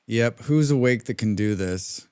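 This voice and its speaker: A man's voice: medium pitch, a little slow, darkish tone, clean tone. A man streaming a colony game live, chatting casually and ranting to his viewers while he plays. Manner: chatty, ranting, reads out chat names.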